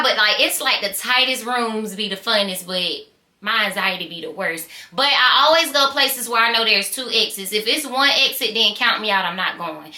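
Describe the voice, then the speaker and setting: A woman with a Southern US accent tells a casual storytime in an animated, slangy way, acting out the voices she quotes. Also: on the high side, reverberant. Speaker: storytime vlogger.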